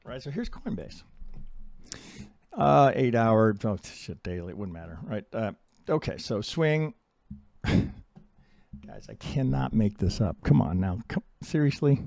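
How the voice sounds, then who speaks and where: A middle-aged man casually teaching chart analysis as a trading educator, talking bluntly, swearing and mocking traders in quick put-on voices. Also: on the low side, expressive, gravelly, darkish tone.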